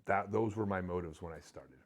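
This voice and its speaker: A man's voice: sits low, fairly quick. A middle-aged man, a podcast guest, candidly telling an emotional personal story with many restarts.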